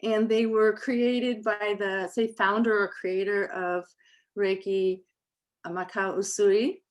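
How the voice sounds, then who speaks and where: A medium-pitched woman guides a Reiki meditation group on a video call. At first her talk is soft and halting, full of fillers, before she shifts to a slow, calm recitation of the principles.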